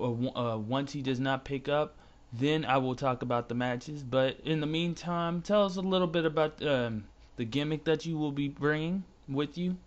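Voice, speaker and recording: A man's voice: medium pitch, muffled recording. Hesitant, formal podcast host man. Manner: formal phrasing with hesitant fillers. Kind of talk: podcast hosting.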